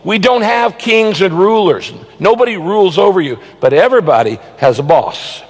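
A pastor with a somewhat high, husky voice and lively intonation preaches his sermon with force, repeating points for emphasis. Reading Bible verses, he slows down deliberately, and his voice lingers in a long echo like that of a big church auditorium.

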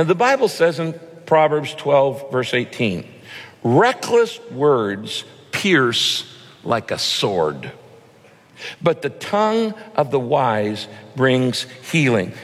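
A man preaching a sermon as a pastor, animated and playful, often mimicking other people's voices to make a point. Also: on the high side. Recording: long hall reverb.

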